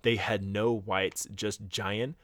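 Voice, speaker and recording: A man's voice: fairly low pitch, little pitch movement, takes it slowly, a bit bright, dry recording, clean studio sound. Man retelling a spooky story. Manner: retells a scary story, acting out quotes, laughing, swearing. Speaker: podcast co-host. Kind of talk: casual storytelling chat.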